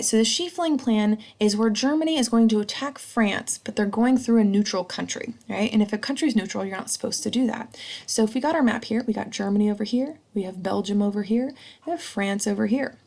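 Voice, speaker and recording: A woman's voice: mid-range voice, fairly quick, vocal fry, a little mellow. A woman teacher giving a recorded history lesson, chatty and casual, checking in with a "right?" after each point. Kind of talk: recorded slideshow lecture.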